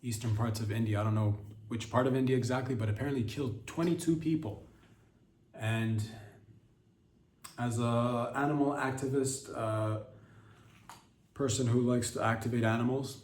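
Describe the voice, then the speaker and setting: A man hosting a comedy podcast, rambling through crude, deadpan absurd stories in a casual monologue. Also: medium pitch, normal speed, long pauses. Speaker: podcast host. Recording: roomy sound, distant from the mic, faint background hiss.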